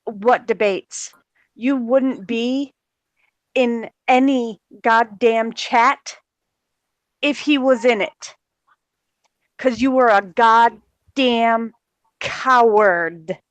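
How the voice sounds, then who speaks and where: A man's voice: very high-pitched, extremely slow, long pauses, fairly bright tone, smooth, no echo. A man on a livestream, bitterly and sarcastically ranting with some swearing. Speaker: livestream co-host. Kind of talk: angry livestream rant.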